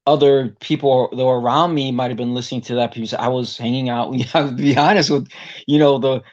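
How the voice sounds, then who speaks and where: A man's voice: mid-range voice, steady tone, fast, darkish tone, muffled recording. A man, a singer, talking as a guest in a casual interview and telling a long story that rambles and is full of "you know" fillers. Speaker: guest vocalist.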